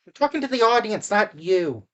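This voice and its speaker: A woman's voice: medium pitch, big pitch swings, moderate pace, lo-fi sound. A woman casually recapping a movie, rambling with fillers and restarts, and talking to the audience in asides.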